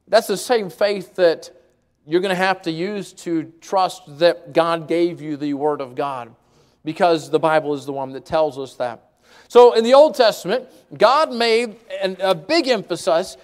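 A man preaching a sermon, emphatic, repeating key words and swinging between fast and slow delivery. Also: high-pitched.

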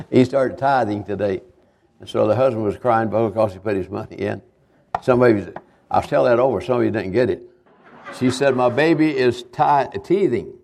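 A man's voice: lowish voice, vocal fry, darkish tone, slight background noise. Older man preaching folksy testimony. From Kentucky, USA. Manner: halting, repetitive, homespun storytelling. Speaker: visiting evangelist.

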